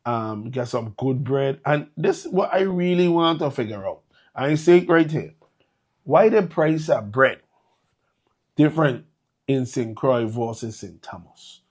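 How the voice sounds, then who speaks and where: A man's voice: medium pitch, a little mellow. A man with a U.S. hosting a live morning show, upbeat with hyped greetings and local slang.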